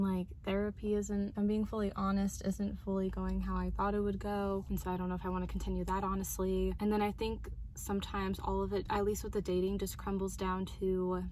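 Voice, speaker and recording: A young adult woman vlogging, talking candidly and quietly in a reflective, confessional way. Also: mid-range voice, slight background noise, rough recording. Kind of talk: confessional talk to camera.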